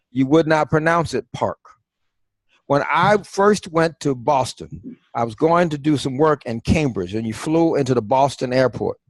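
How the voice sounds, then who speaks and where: A man's voice: mid-range voice, no room sound. A man teaching an online class over a video call, quizzing and coaxing his students in a conversational way.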